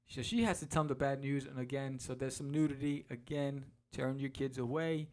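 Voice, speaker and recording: A man hosting a podcast, walking casually through a comic book and acting out its quotes in quick voices. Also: medium pitch, fairly even intonation, darkish tone. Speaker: podcast host.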